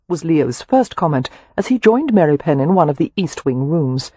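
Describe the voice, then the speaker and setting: Husky male audiobook narrator. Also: on the high side, sing-song, normal speed, few pauses, warm tone, dry recording. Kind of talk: scripted narration.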